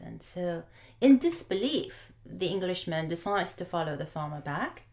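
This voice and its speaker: A woman preacher telling a folk tale in a sermon, unhurried and often pausing with fillers. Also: on the low side, big pitch swings, darkish tone. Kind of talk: sermon storytelling.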